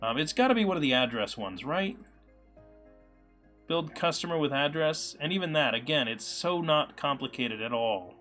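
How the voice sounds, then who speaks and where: A man's voice: a little high, expressive, moderate pace. A man hosting a live coding stream, thinking aloud with many fillers and answering chat. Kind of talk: casual live-coding commentary. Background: soft background music.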